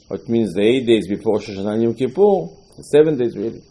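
An older male rabbi gives a Torah lecture, his showing through. His voice is husky and warm, and he tells stories with emphatic repetition, acting out the quotes. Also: mid-range voice, expressive, quick pace, hardly any pauses, low-quality recording.

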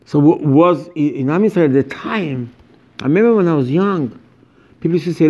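A man's voice: fairly high pitch, animated, normal speed, dark tone, lo-fi sound. A man giving an informal religious lecture as a rabbi, speaking emphatically and animatedly in broken English with many repetitions.

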